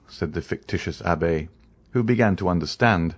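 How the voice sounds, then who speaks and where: Husky male audiobook narrator. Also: low-pitched, normal speed. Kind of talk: scripted narration of a classic novel.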